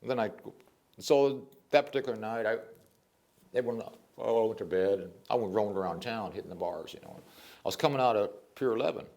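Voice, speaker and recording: An older man, a poet, telling stories in a casual interview, animated and rambling, with frequent restarts. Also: lowish voice, fairly quick, gravelly.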